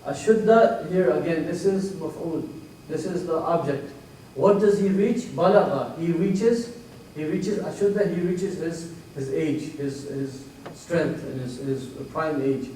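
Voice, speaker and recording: A man teaching a Quran class, explaining Arabic words, reciting verses quickly and telling jokes to his students. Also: fairly high pitch, mellow. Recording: echoey room from a distance with faint noise.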